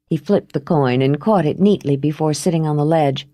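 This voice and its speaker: Low-voiced woman narrating a novel. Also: normal speed, hardly any pauses, warm tone, no room sound, studio quality. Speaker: audiobook narrator. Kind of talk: scripted narration.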